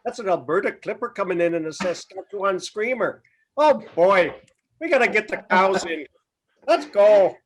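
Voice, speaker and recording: A man putting on a jolly, folksy Minnesotan accent, sing-song with drawn-out vowels. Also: high voice, animated, slight background noise. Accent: Minnesotan, put on. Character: folksy Upper Midwest man, jolly and homespun.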